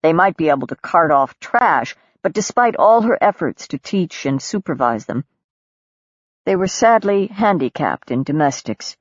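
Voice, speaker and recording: A woman with a low-sitting voice narrates a novel for an audiobook, keeping the scripted reading calm and measured. No room sound comes through, though the recording is dull and lo-fi.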